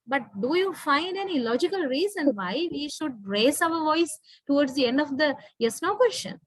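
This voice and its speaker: A woman's voice: high voice, lively intonation, normal speed, dry recording, rough recording. A woman lecturer with a Sri Lankan English accent, patiently explaining in an online class and often checking in with her students.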